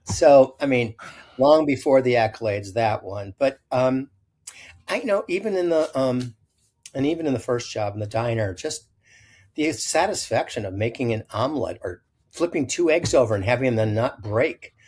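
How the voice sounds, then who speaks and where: An older man from Illinois, a chef being interviewed, speaks at a moderate pace in a medium-pitched, slightly rough voice. He tells rambling childhood stories, often restarting and correcting himself, and animates the quoted voices in his anecdotes.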